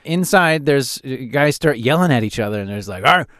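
Animated man telling stories. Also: medium pitch, moderate pace, no room sound, clean studio sound. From Calgary, Canada. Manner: animated, laughs often at his own stories. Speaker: podcast host. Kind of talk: solo comedic storytelling podcast.

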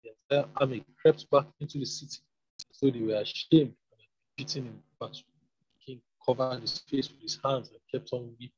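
A man reading a Bible passage aloud in a plain, steady way. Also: mid-range voice, normal speed. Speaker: scripture reader. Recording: dull lo-fi recording.

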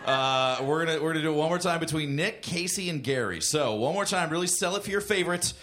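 A man's voice: a little high, fast talker. A man hosting a live comedy show, announcing contestants and running the applause vote. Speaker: show host. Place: comedy club stage. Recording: loud crowd noise around the mic.

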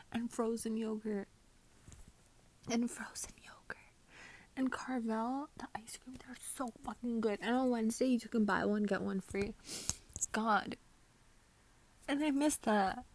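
Profane giggly woman, slow talker. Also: a little high. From United States. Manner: profane and giggly, swinging between loud outbursts and muttered whispers. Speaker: podcast host. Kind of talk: casual solo chat answering questions.

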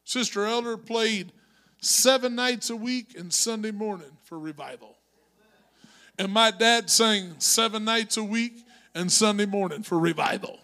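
A male pastor preaching a sermon in church, moving from conversational storytelling to shouted exhortation. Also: high-pitched, unhurried. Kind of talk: Pentecostal-style preaching. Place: church sanctuary.

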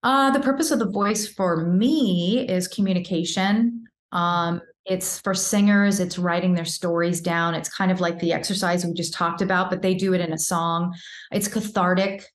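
A woman in her fifties, a vocal coach, telling a personal story in a candid, animated way during a casual interview. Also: fairly low pitch, moderate pace, reverberant.

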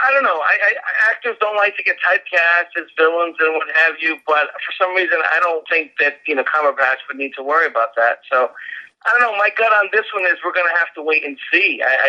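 A man's voice: fairly high pitch, sharp tone, muffled recording. A man co-hosting a podcast in friendly casual chat who laughs often. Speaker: podcast co-host.

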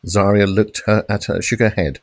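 A man reads a police thriller in steady, dramatic narration. His voice sits on the low side and sounds dry and close, with no room around it. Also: no echo. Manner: measured, dramatic crime reading with shouted police lines. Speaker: audiobook narrator. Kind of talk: scripted narration.

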